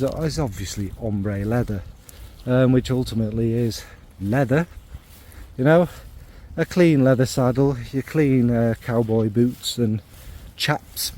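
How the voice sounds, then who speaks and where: A man's voice: mid-range voice, dark tone. A man reviewing fragrances in a casual, rambling and joking way, with many fillers and restarts.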